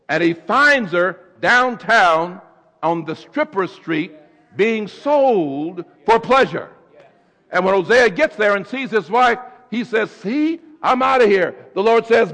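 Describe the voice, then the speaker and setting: Impassioned preacher in a reverberant church. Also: male voice, high-pitched, expressive, measured pace. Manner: swings between hushed storytelling and shouted exhortation. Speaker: pastor. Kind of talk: sermon. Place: church sanctuary.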